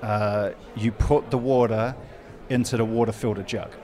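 A man's voice: fairly low pitch, steady tone, moderate pace, crowd noise. A man from New Zealand, a guest in a casual comedic chat, telling stories wryly and playfully. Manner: playful, wry storytelling.

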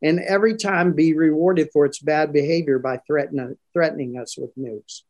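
Older guy, ex military commander, kinda high voice, earnest, slows way down to hammer points. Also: steady tone, darkish tone. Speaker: interview guest, retired military commander. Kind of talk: broadcast interview.

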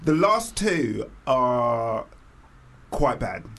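A man's voice: medium pitch, big pitch swings, very slow, a bit bright, slight background noise. A man in casual film chat, with dry, wry reactions.

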